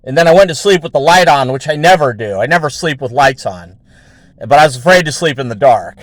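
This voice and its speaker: A man's voice: on the high side, animated, a little fast, no echo. A man hosting his own show, telling a story in a rambling, casual way with heavy swearing and lots of fillers. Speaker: show host.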